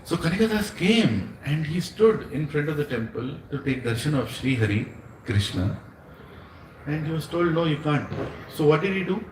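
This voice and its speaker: Lecturing man with an Indian English accent, lively storyteller who quizzes his listeners, echoey room, mic set far back. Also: a little high, moderate pace, noisy background. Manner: storytelling, asks the audience questions, laughs often. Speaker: spiritual teacher. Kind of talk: devotional satsang lecture. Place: room with a small gathering.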